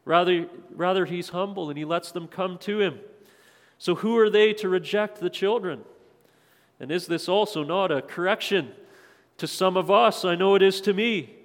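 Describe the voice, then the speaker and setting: A man's voice: sits high, normal speed, long reverb tail. A man preaching a sermon as pastor, earnest, often putting rhetorical questions to the congregation.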